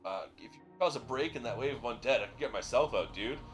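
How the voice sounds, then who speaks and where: A man's voice: mid-range voice, lively intonation, fast talker, soft background music, close to an everyday voice. A man voicing a laid-back surfer priest who drawls in surfer slang.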